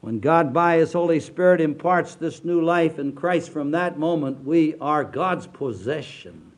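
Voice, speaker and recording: An older pastor delivers a sermon, sinking low and quiet before building to loud, slow, drawn-out emphasis.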